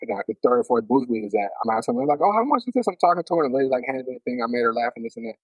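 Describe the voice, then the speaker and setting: A man's voice: mid-range voice, no room sound, lo-fi sound. A man co-hosting a podcast, chatting casually in a rambling way with lots of fillers. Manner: rapid, rambling with many fillers. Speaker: podcast co-host. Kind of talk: casual chat.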